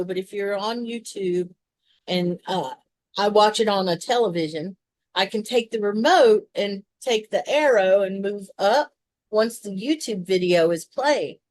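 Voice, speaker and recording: A woman's voice: medium pitch, a little mellow, dry recording. Rambling Southern woman co-host. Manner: rambling, explaining, many restarts and asides. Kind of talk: casual chat.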